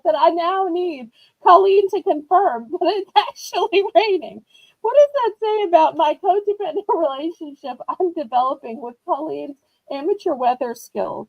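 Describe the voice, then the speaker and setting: Woman auction host, high and lively voice, bubbly rambling sales chat, dry slightly dull home recording. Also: moderate pace, dry recording. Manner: bubbly, rambling, self-teasing. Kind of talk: chatty live-stream sales pitch. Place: indoors at home.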